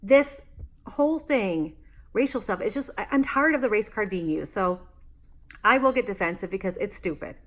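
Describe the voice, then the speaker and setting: A woman's voice: medium pitch, animated, normal speed. A woman vlogger telling a story in a casual, exasperated rant, rambling with fillers and restarts. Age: adult, married homeowner.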